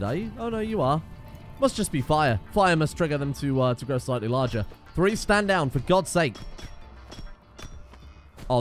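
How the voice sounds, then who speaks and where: A man giving sarcastic, exasperated let's play commentary, swearing often, with faint music behind him. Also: mid-range voice. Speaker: gaming YouTuber.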